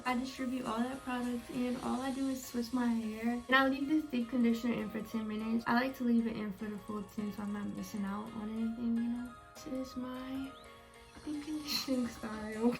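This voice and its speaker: A woman's voice: on the high side, fairly even intonation, fairly quick, soft background music. A young woman chatting casually to her viewers as she walks them through her hair-care routine. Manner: chatty, talks straight to viewers. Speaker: beauty vlogger.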